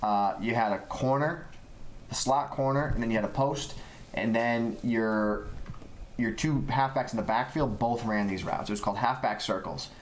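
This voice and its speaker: A man's voice: medium pitch, moderate pace, a little hiss or hum, rough recording. A man co-hosting a casual gaming show, talking emphatically about football plays with many restarts. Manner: excitable, emphatic, talks in restarts. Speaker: co-host and gameplay analyst.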